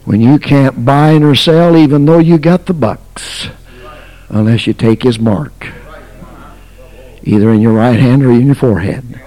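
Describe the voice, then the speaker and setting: A man preaching a sermon as pastor, telling a story dramatically, swinging from shouts to near whispers. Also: mid-range voice, measured pace. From United States.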